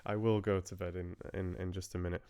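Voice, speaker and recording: Man with a low, resonant voice, casual streamer chatter, hesitant and self-correcting, dry close sound. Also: little pitch movement, brisk, warm tone, dry recording. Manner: rambling, hesitant, restarts his sentences often. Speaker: audiobook narrator hosting a live stream. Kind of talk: casual chat with live-stream viewers.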